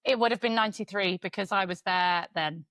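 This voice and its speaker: A woman's voice: mid-range voice, a little fast, fairly bright tone, dry recording. A woman in her forties co-hosting a podcast, telling stories in casual chat and swearing freely. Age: 40s. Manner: chatty storyteller, swears freely. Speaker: podcast co-host.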